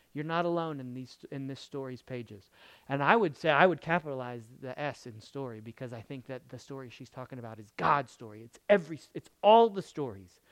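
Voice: mid-range voice, clear, resonant tone, no echo. Emphatic preacher with dry close sound. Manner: emphatic, swinging between loud bursts and soft murmurs; repeats key phrases. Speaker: pastor. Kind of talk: sermon.

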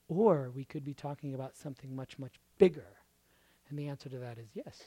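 A hoarse male pastor preaching a sermon, firing off runs of rhetorical questions and swinging from hushed murmurs to loud emphatic bursts. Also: mid-range voice, brisk, no echo.

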